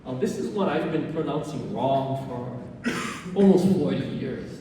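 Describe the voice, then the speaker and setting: A man giving a club presentation, explaining things in an unhurried way with fillers and self-corrections. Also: dark tone. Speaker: orchid society speaker. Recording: roomy hall, distant mic, faint rumble.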